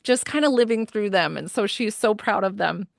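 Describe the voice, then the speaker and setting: A woman's voice: medium pitch, expressive, moderate pace, creaky, no room sound, clean studio sound. A woman giving a medium reading in a chatty, casual way, with lots of fillers and frequent laughs.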